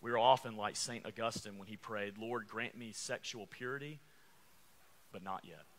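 A man's voice: on the low side, normal speed, fairly bright tone, slight background noise. A man preaching a sermon, calling out to the congregation and repeating refrains. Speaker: pastor.

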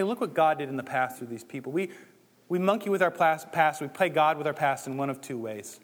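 A man preaches in a relaxed, conversational manner and acts out the inner thoughts of his listeners. His voice sits slightly high for a man. It rings with the long reverb of a hall. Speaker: pastor. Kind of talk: sermon.

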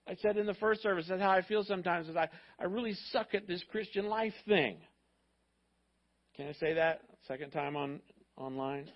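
A man preaching a sermon, telling a story in an animated, conversational way. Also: on the high side, normal speed, highs cut off. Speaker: pastor.

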